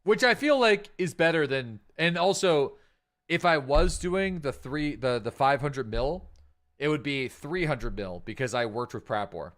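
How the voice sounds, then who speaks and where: A man's voice: a little high, expressive, unhurried, fairly bright tone. A man streaming a game live, thinking aloud in casual chat, rambling with plenty of fillers.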